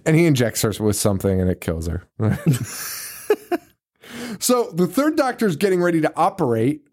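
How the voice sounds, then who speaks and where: A man's voice: a little high, very animated, moderate pace, a little mellow. A man co-hosting a podcast, chatting casually and profanely as he recaps a movie, laughing and acting out scenes. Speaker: podcast co-host.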